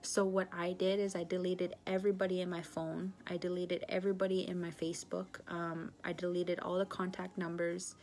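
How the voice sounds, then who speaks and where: Woman about 30, from northern british columbia, canada, confessional testimony, halting with many ums, low voice, flat delivery. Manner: halting, with frequent pauses and fillers; earnest, confessional storytelling. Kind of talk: personal recovery testimony.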